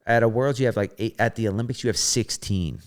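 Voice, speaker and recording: Low voiced guy in his 30s on a podcast, cusses a lot, acts out quotes. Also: fast. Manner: animated, swears often, acts out quotes. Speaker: podcast guest, former gymnast. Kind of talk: casual storytelling interview.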